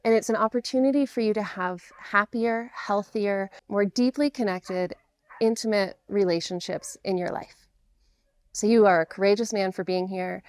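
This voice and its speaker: A woman's voice: mid-range voice, moderate pace, dry recording. A middle-aged woman coaching men through divorce, explaining patiently and earnestly in a direct-to-camera talk.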